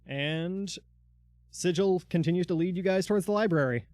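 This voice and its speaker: Give me a slightly high-voiced man running a tabletop game, chatty and filler-heavy, with a dry, close sound. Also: normal speed, darkish tone, dry recording. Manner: loose, filler-heavy narration. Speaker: dungeon master.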